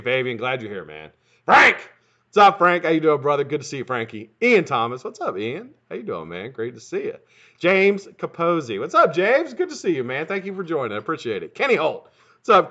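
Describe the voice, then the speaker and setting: Fast-talking, profane streaming host, a man. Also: on the high side, sing-song, bright, forceful tone, highs cut off. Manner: fast-talking, profane, greets chat by name. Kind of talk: casual live-stream chat.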